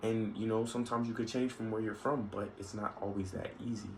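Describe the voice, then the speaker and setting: A man's voice: lowish voice, steady tone, brisk, poor audio. Rambling man venting in a vlog. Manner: rambling, many restarts and asides. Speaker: vlogger. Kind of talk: casual opinion monologue. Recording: faint background noise.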